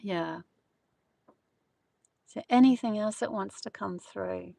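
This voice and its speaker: A woman's voice: mid-range voice, slow pace, creaky, mellow, dry recording. A middle-aged woman, a spiritual channeler giving an earnest, rambling live-streamed talk full of fillers.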